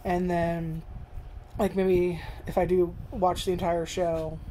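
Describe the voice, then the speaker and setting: A woman's voice: fairly low pitch, flat delivery, slow pace, dark tone, slight background noise. A young woman rambling through a casual review at home, swearing freely and filling with "like". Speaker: vlogger. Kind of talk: casual first-impressions review.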